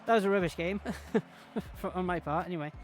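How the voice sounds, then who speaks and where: A man's voice: sits high, fairly quick, faint music behind. A man chatting in a rambling, self-mocking way while commentating his own gameplay on a stream. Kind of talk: casual game-stream commentary.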